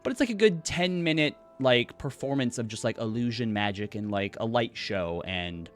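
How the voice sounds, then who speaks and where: A man's voice: mid-range voice, expressive, moderate pace, faint music behind. A man narrating a tabletop game as game master, in a casual style with many fillers.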